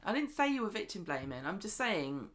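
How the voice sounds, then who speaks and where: Woman, podcast co-host, lively storyteller, mid pitch, chatty recap. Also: brisk. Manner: animated retelling, acting out characters' lines. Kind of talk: casual chat recapping a soap.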